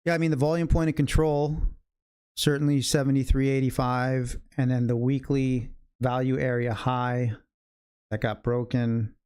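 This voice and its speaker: Here a day trading educator runs his livestream, musing aloud in relaxed, chatty phrasing and addressing the chat directly. His medium-pitched voice is level, darkish and clean, delivered at normal speed.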